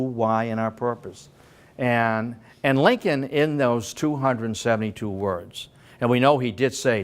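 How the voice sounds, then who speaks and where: An older man giving a public history lecture in a senior center room, emphatic, slowing down for dramatic phrases and often restarting his sentences. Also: mid-range voice.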